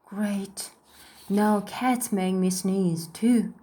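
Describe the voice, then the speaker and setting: A woman's voice: mid-range voice, steady tone, very slow, mellow, voice pushed down. Woman doing a sniffly, fretful elephant. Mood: gloomy. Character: worried sneezy male elephant, anxious and dramatic. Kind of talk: storybook read-aloud.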